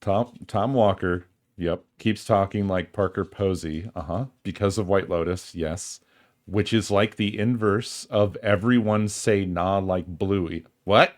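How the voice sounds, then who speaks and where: Low, slow-talking male streamer. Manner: dry, wry, unhurried musing with swearing. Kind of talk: casual chat with chat readers.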